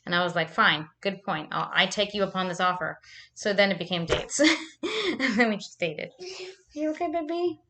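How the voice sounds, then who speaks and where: A woman's voice: lowish voice, normal speed, bright, forceful tone, slight background noise. A woman vlogging at home into a camera mic, telling rambling, profane stories in casual chat with lots of "like". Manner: rambling, profane storytelling with frequent likes.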